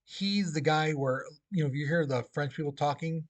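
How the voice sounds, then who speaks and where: A man's voice: fairly high pitch, moderate pace, hardly any pauses. A male teacher giving a casual classroom history lecture, full of fillers and "okay?" check-ins.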